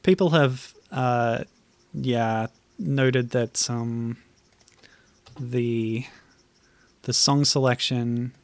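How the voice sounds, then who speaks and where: Halting man streaming old web games. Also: mid-range voice, no echo. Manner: hesitant, halting with frequent fillers; reads on-screen game text aloud. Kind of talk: casual gameplay commentary.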